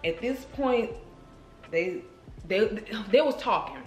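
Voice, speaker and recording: Animated woman vlogger in echoey room. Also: mid-range voice, slow, pauses often. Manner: animated, emotional, addresses viewers as girl and y'all. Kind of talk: casual storytelling to viewers. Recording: roomy echo with faint music.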